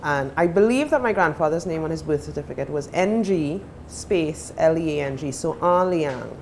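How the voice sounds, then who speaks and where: A woman's voice: deep voice, animated, normal speed, a little mellow, slight background noise. A Trinidadian woman telling stories as a guest in casual chat in a TV studio. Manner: chatty, storytelling.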